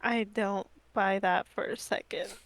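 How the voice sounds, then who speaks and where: A woman's voice: medium pitch, steady tone, dry recording. A woman playing in a tabletop game, chatting casually and playfully. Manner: playful, quick to laugh. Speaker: player. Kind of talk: casual play chat.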